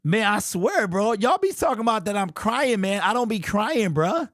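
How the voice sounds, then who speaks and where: A young man hosting a fan livestream postgame show, talking excitedly and casually to his chat in slang. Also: high-pitched, normal speed, soft background music. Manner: excitable, slangy, talks straight to the chat with lots of "bro".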